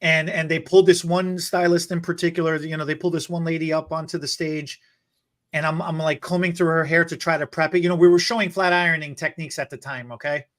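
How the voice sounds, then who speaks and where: A man's voice: fairly high pitch, fast talker. A man co-hosting a beauty podcast, caught mid-story in casual chat. He acts out the voices of the people in his story and laughs easily as he goes. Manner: animated, laughing storyteller who acts out quotes. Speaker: podcast co-host, hair stylist.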